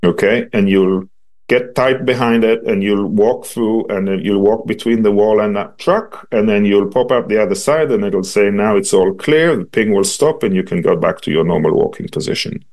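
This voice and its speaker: A man giving patient, measured interview answers about a device he designs, often pausing on ums and restarting phrases. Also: on the low side, a little mellow.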